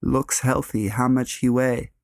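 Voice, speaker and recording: A man's voice: medium pitch, little pitch movement, unhurried, gravelly, dry recording, studio quality. A man voicing a pushy middle-aged woman with a Russian accent who speaks broken English and insists on buying a baby. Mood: prying.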